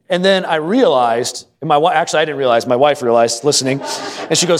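A man's voice: a little high, expressive, quick pace. A middle-aged man preaching a sermon as pastor, telling folksy family stories and asking the congregation questions. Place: church sanctuary. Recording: long hall reverb.

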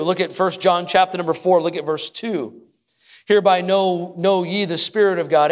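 A man with a high voice preaches a sermon from the pulpit, his repeated refrains climbing in intensity as he calls out to the congregation. His voice rings through a church with a long, lingering reverb. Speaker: pastor. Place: church sanctuary.

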